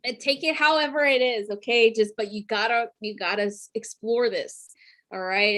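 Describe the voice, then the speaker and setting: A woman giving a casual weekly zodiac reading, chatty and profane, full of filler words and frequent laughter. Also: medium pitch. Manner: laughs often while talking. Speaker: astrology reader.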